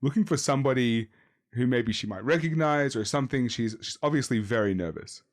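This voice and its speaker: A man's voice: mid-range voice, expressive, brisk. A man running a tabletop horror game as game master, narrating casually with many fillers.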